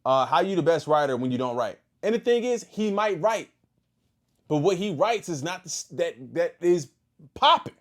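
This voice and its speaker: A man hosting a casual reaction stream, talking back to a video and shouting out his chat. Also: a little high, moderate pace. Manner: animated, talks back to the video and thanks chat.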